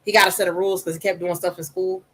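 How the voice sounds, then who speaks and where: Soft-voiced woman, podcast guest, candid and personal, slips into quoted voices. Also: lowish voice, flat delivery, very fast, poor audio. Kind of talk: casual podcast conversation.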